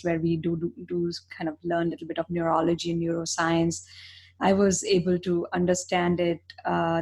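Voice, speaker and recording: A middle-aged woman who is a child psychiatrist, hosting a podcast and talking in a halting way with restarts. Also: on the low side, slightly rough. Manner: halting, with restarts and fillers while building a thought. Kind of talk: podcast conversation.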